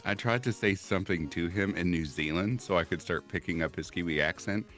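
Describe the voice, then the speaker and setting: A man's voice: low-pitched, a little fast, a bit bright, faint music behind. A man in a casual group chat, teasing and laughing often. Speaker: guest.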